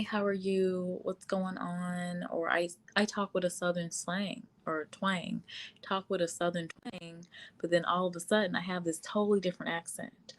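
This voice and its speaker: A woman hosting a casual live stream, talking at length with frequent fillers and reading viewer comments aloud. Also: fairly low pitch. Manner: frequent fillers, laughs often. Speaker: livestream host.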